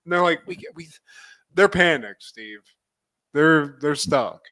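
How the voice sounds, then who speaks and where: A man co-hosting a casual livestream, retelling scenes from a show with lively acted-out quotes and frequent laughter. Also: a little high, slow pace. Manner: animated storytelling, acts out quotes, laughs often. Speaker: podcast co-host. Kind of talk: casual recap chat.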